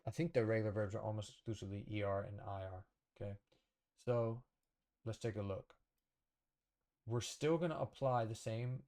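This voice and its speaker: A man's voice: on the low side, a little mellow. A man teaching a casual whiteboard lesson, thinking aloud, correcting himself and checking in with the viewer. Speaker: language teacher.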